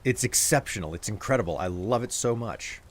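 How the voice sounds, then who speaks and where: Playful streamer man, lively low voice. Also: a little fast. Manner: playful, joking, thanks viewers. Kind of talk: casual live-stream chat.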